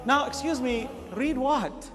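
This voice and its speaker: A man giving an animated sermon to a congregation, rising to emphatic shouts. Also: very high-pitched, slow, in a large hall, over music. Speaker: preacher.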